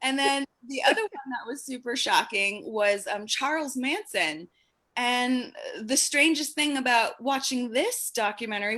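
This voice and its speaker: A woman's voice: fairly high pitch, measured pace, pushed and bright. A young woman doing stand-up comedy, telling stories in a casual, sardonic way and acting out the people in them. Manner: casual, sardonic storytelling with acted quotes. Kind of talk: stand-up set on a comedy show.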